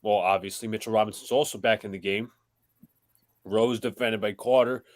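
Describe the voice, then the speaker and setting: Fan-stream play-by-play caller, young New York man, brisk and plain. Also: lowish voice, fairly even intonation, no room sound. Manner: quick, matter-of-fact calling of plays. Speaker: play-by-play commentator. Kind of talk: live play-by-play commentary.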